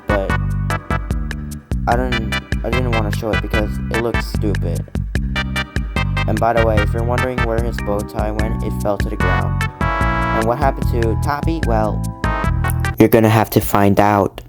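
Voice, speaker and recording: Very low-voiced woman talking over loud music. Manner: rambling, swears, lots of ums. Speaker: animation creator. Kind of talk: casual commentary on own artwork. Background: synthesizer music.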